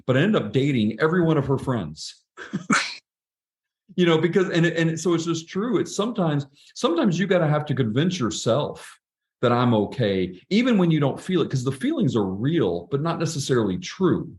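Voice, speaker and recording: A middle-aged man with a fairly high, darkish voice and big pitch swings speaks at a moderate pace. As a guest in a casual podcast interview, he tells personal stories earnestly and reflectively, frequently restarting his sentences.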